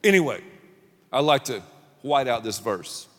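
A man preaching a sermon as pastor, punchy and animated, leading the crowd in call-and-response. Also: mid-range voice, measured pace. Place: large church auditorium. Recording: long reverb of a large hall.

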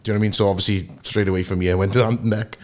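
A man's voice: fairly low pitch, steady tone, very fast, darkish tone. A man, an actor being interviewed, chatting casually in a playful way and laughing easily. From Wales. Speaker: actor and podcast guest.

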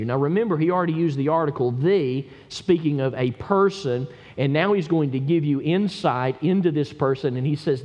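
A man preaching a sermon as a pastor. He reads scripture and swings from low murmurs up to emphatic cries. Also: brisk, few pauses, a little mellow. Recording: echoey hall, dull lo-fi sound.

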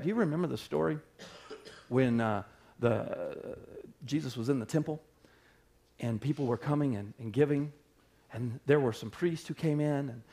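A man preaching a sermon as pastor, swinging between loud emphatic bursts and quiet low passages.

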